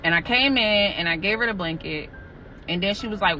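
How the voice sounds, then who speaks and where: A woman's voice: medium pitch, fairly quick, bright, forceful tone. A young woman animatedly telling a scary true story about her job, cursing and talking straight to the listeners. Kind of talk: casual spoken storytelling. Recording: muffled audio with music underneath.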